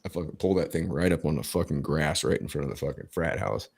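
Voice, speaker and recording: This is a middle-aged man with a very deep, gravelly voice that has a husky edge. He hosts a casual podcast and tells stories emphatically, swearing freely and often stumbling and restarting his sentences. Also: lively intonation, quick pace, a little mellow. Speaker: podcast host. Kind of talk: casual profane storytelling.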